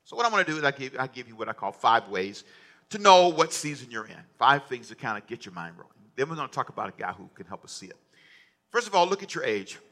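A man's voice: medium pitch, very animated, fast, sharp tone. A man preaching a sermon as pastor, conversational and joking, often repeating himself. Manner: conversational, repetitive, humorous asides.

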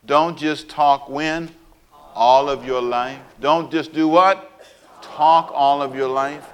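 Animated man preaching a sermon. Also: on the high side, slow, smooth. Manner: animated, acts out scenes with sound effects and playful asides. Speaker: pastor.

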